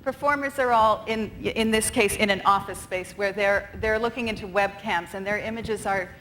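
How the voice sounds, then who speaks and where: A woman theater director gives a conference talk from the stage. She speaks articulately, dropping in the occasional filler, at a mid pitch, and there is faint noise in the background. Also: moderate pace, a bit bright, low-quality recording.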